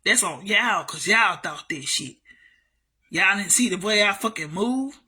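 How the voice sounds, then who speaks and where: A woman's voice: medium pitch, animated, a little slow, sharp tone, husky. A woman telling a story to her camera in a casual monologue, blunt and heavily profane, repeating herself for emphasis. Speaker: vlogger.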